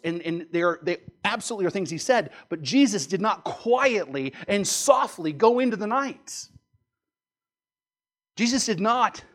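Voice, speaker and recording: A man delivers a sermon in a fairly high voice. He explains the text earnestly, keeps asking "right?" and presses hard on his key points. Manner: earnest, repeats "right?" often, builds to forceful emphasis. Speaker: pastor.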